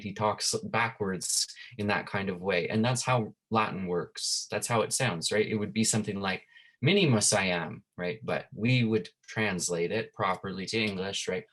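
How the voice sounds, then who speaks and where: A man teaching a Latin class online, who reads Latin lines slowly and ends nearly every phrase with "right?". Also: lowish voice, fairly bright tone. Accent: Canadian. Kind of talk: online lesson.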